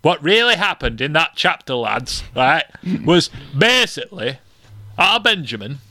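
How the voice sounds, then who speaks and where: A man's voice: fairly high pitch, big pitch swings, unhurried, pushed and bright, dry recording, voice pushed up, heavily acted. A man voicing a chatty male church expert from the north of England, with a Northern English accent, calling everyone lads. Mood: matey. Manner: folksy, addresses listeners as lads.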